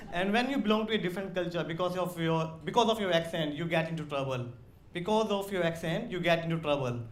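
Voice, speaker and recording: A man from India with an Indian accent, doing a slow, deadpan stand-up comedy set on a club stage. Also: high voice, slight background noise. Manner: slow, deadpan delivery with crude punchlines. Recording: roomy live club sound with audience.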